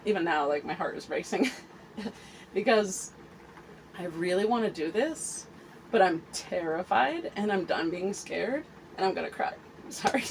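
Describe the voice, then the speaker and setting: Earnest woman in her forties, halting. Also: fairly low pitch, expressive, a little hiss or hum, low-quality recording. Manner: earnest, halting, full of fillers and restarts. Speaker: host. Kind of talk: candid personal vlog confession.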